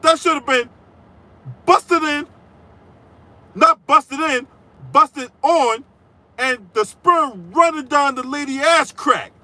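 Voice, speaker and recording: A man's voice: very high voice, animated, unhurried, hardly any pauses, bright, forceful tone, no echo, low-quality recording. A man hosting a political commentary channel, delivering a profane, mocking rant full of crude trash talk and repeated "right?".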